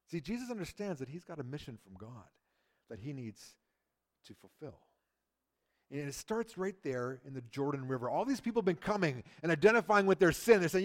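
Middle-aged pastor guy, fairly high voice, goes big and loud then drops way down quiet. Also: fairly quick. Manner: dramatic, swings from loud emphatic to hushed near-whisper; acts out quoted people in lively voices. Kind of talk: sermon.

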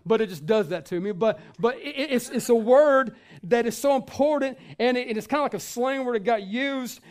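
A man's voice: very high-pitched, moderate pace, darkish tone. A male pastor giving a sermon in a conversational way, with many fillers and restarts.

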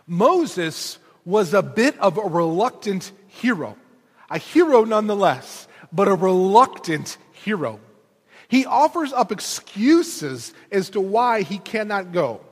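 A male pastor preaching a sermon in an animated, storytelling way with casual conversational asides, in a church. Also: high-pitched, slow pace. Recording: reverberant hall.

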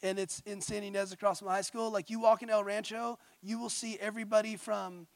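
High-voiced man preaching with passion. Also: flat delivery, quick pace, creaky, no echo. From California, USA. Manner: passionate, swings from quiet intimate tones to loud exhortation. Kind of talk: sermon.

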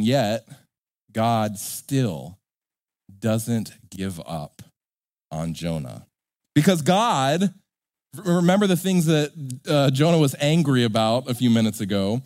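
A pastor preaching a sermon in an animated, joking way, acting out characters. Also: male voice, mid-range voice, slow pace, no echo, studio quality.

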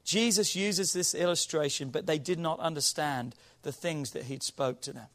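A man's voice: a little high, moderate pace, a bit bright. A man preaching to his congregation. He quizzes the room playfully, reads scripture and builds to emphatic, rising appeals. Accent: non-local accent. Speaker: pastor. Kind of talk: sermon. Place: church hall with congregation.

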